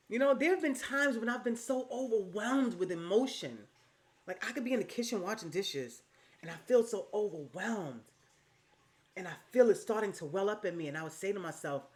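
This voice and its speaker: A woman vlogger hands out casual, motivational life advice in an expressive, brisk voice, emphatic and repetitive, with swearing and endearments mixed in. She swings between low, hushed tones and high, loud ones.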